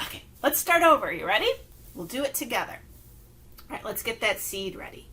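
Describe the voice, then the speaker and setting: A woman runs a children's story time, her bright, high voice leaping up and down in sing-song. She talks slowly and clearly to little listeners, and a faint hum of ambience sits behind her. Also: sing-song. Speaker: children's librarian. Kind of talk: children's story time with rhymes and finger plays. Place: at home.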